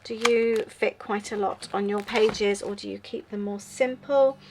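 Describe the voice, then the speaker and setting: A woman's voice: mid-range voice, steady tone, a little slow. Female craft host, 30s, tired late-night chatter, faint background noise. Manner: chatty, musing aloud, tired and yawning. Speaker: journaling channel host. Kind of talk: casual crafting chat.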